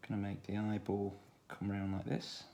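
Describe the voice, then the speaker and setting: A man with a Stoke-on-Trent accent, talking through a children's drawing tutorial in a relaxed way, thinking aloud as he draws. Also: fairly low pitch, normal speed, gravelly. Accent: Stoke-on-Trent English. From England. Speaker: art tutor.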